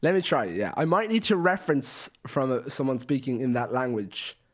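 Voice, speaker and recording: A man hosts a podcast in the studio, chatting casually and joking at his own expense. His pitch moves around a lot. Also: sing-song, moderate pace. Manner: jokey, self-deprecating, swears casually. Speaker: podcast host. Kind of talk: casual chat. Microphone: studio podcast mic.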